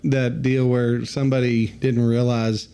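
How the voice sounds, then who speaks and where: Jokey man with a mellow voice. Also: medium pitch, flat delivery, measured pace, smooth. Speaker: podcast co-host. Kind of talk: casual chat.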